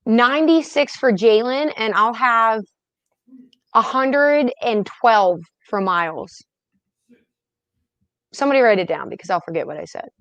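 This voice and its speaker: A woman co-hosting a casual sports chat, relaxed and agreeable, laughing easily. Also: a little high, a little slow, long pauses, dry recording, lo-fi sound. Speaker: podcast co-host.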